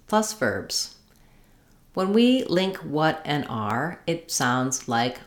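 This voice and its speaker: A woman teaching pronunciation, speaking slowly and clearly as she models drill phrases. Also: rumbling low, expressive. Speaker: accent coach. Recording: roomy echo.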